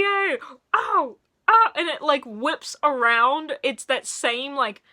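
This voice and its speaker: Bright excitable Tennessee woman reviewer. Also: on the high side. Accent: Middle Tennessee. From Middle Tennessee. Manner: animated, laughing, quick bursts of excitement. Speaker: music reviewer. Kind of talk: casual video review.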